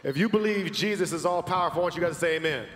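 A man with a high voice tells a story from a church stage, acting out the quotes and climbing into shouted praise. His voice rings through a big room with a long reverb. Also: rapid-fire. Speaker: church team member telling a story. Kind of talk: testimony preached from the stage. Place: large church auditorium.

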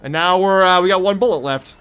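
Jumpy, high-pitched young gamer man, cursing. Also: fairly quick, clear, resonant tone. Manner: jumpy, yelling and cursing at monsters, taunting. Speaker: gaming streamer. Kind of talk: horror game let's play commentary.

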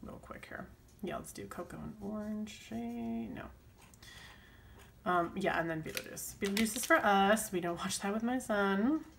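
Working on her planner, a woman rambles casually at a moderate pace, her medium-pitched voice carrying vocal fry and a little hiss or hum. As a planner vlogger, she leans on fillers and pokes fun at herself.

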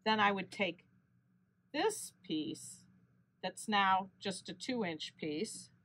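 A woman walks through a quilting tutorial at a slow, patient pace. Her voice sits at an ordinary middle pitch, and she fixes small slips as she goes. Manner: steady step-by-step explaining with small self-corrections. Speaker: quilting channel host. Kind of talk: unscripted sewing tutorial.

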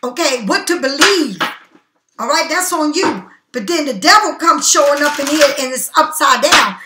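A tarot card reader delivers a casual reading monologue in a high, animated woman's voice at a moderate pace. She's blunt, profane, preachy and emphatic, and the recording is very noisy with an echoey room sound.

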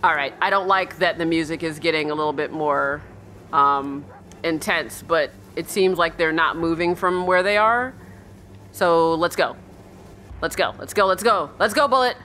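A woman playing a horror game and commenting as she goes, jumpy, yelping when startled and muttering quietly when she is tense, often calling to her in-game dog. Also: low-pitched, moderate pace, slight background noise. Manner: jumpy, yelps and shrieks, then drops to a hushed mutter. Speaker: let's play streamer.

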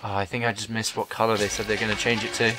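A man commenting on a game he is playing, jokey and excitable with sing-song exclamations. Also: on the low side, fast talker, rough recording. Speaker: gaming video host. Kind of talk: let's-play commentary. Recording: game music playing behind.

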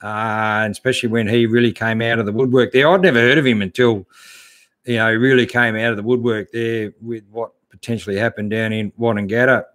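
A middle-aged Australian man hosting a casual live stream, reading out viewers' comments and answering them in a relaxed, chatty way that keeps coming back to "mate". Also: lowish voice, fairly quick. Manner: laid-back, chatty, calls everyone mate. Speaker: host answering live chat.

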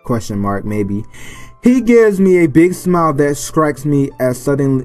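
Male gaming host, mid-pitched, reads story-game text aloud with playful side comments; faint background music. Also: expressive, a little slow. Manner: playful, stumbles over names and jokes between lines. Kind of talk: reading a visual novel aloud with commentary.

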